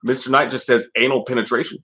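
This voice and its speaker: A man's voice: medium pitch, flat delivery, fast talker, pushed and bright. A man co-hosting a casual livestream, reading out chat messages with laughs, jokes and swearing. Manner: laughing, joking, profane. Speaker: co-host reading live chat.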